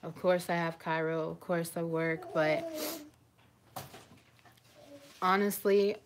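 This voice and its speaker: A vlogger in her twenties chats casually on a live stream from home into her phone, her voice low-ish with fairly even intonation at a measured pace, with background noise. She rambles emotionally and often breaks off mid-thought.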